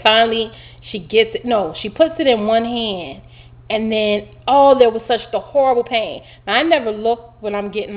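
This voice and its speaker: Woman vlogger, mid-pitched, animated and rambling, muffled home recording. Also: moderate pace. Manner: chatty, animated retelling with many fillers. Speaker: vlogger recounting her surgery. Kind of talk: casual storytelling to camera. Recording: dull lo-fi home video audio.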